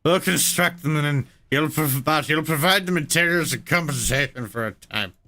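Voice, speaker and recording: A man voicing a proud, solemn insect smith from a video game, reading its lines slowly in a grand put-on accent. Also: a little high, pushed and bright. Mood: haughty. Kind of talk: reading game dialogue aloud.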